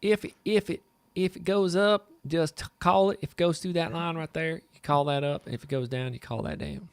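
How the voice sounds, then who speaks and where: A man putting on a mock Southern US accent, playing a drawling trading instructor who gives loud, folksy instructions. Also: fairly high pitch, moderate pace, clear, resonant tone, voice pushed up, lightly acted. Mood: joking.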